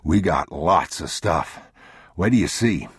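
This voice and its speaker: Deep, husky, worn-out dad, calm and protective, hushed reassurance, from the narrator. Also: male voice, measured pace, dry recording, studio quality, heavily acted. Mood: reassuring. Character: weary, protective father, quietly steady.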